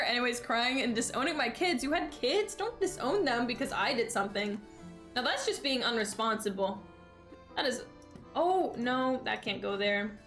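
A young woman with a slightly high, fairly bright voice hosts a casual gaming live stream, joking dramatically with her chat and expressing thanks to followers. In the background there's faint game music.

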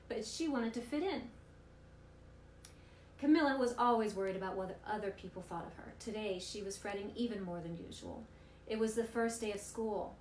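A woman reading picture books aloud for a storytime, in an expressive, animated way, recorded in a roomy space with faint noise. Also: medium pitch.

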